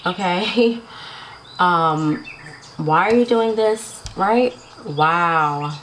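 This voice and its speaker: A woman's voice: lowish voice, animated, very slow, fairly bright tone, a little hiss or hum, rough recording. A woman giving a casual tarot reading to her viewers, chatty and laughing often, checking in with "right?" and "okay?". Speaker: tarot reader.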